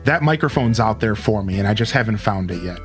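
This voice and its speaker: This young male streamer talks at a quick pace in a fairly low voice, his easygoing chatter peaking and dropping. He's relaxed and animated, sprinkling in plenty of "like" and "dude," over faint guitar music, recorded on a studio mic with an equalizer and cutoff.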